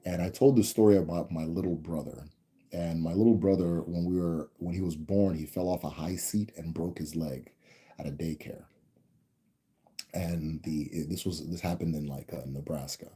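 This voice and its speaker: A deep-voiced man talks viewers through a long family story on a live stream. His tone is very dark and mellow. He rambles, restarts his sentences and keeps checking in with his listeners. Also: steady tone, normal speed, husky. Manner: rambling, with many restarts and tag questions. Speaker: host answering viewer questions.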